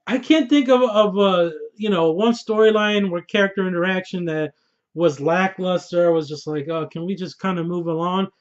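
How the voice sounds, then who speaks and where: A young man talks through a TV episode in a loose, excited monologue, swearing freely and laughing as he goes. His voice sits high for a man. The audio sounds a little dull and lo-fi. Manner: animated, profane, laughing, slangy. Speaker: TV show reviewer. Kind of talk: excited casual review monologue.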